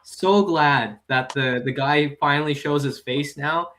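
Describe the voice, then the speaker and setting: A man's voice: a little high, unhurried, sharp tone, a little hiss or hum. A man on a comedy podcast telling profane stories, often laughing as he talks. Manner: storytelling with frequent laughs, profane. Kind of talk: casual podcast banter.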